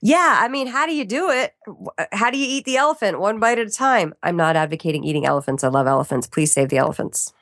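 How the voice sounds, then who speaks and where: A woman voiceover artist chatting as a podcast guest, animated and playful with quick asides. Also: medium pitch, dry recording, clean studio sound. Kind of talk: casual chat.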